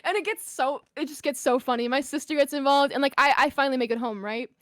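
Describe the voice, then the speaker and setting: A young woman, a podcast guest, telling a story in casual chat, animated and swearing freely with lots of "like". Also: sits high, quick pace, dry recording, clean studio sound.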